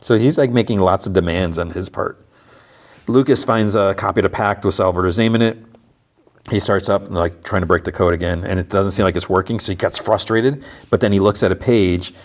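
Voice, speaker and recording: Low-voiced guy hosting a podcast, recapping an episode, keeps going "he's like". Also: a little fast. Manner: retells scenes with constant "he's like" quoting. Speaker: podcast host.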